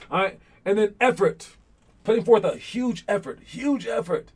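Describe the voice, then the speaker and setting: A young man leads a basketball lesson for his players, his voice sitting fairly high for a man. He talks in a loose, animated way and keeps acting out the calls players shout on the court. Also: normal speed, slightly rough. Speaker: basketball coach.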